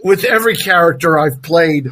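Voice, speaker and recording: A man, a guest voice actor, in casual podcast chat, animated, jokey and self-mocking. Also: on the high side, normal speed, slight background noise.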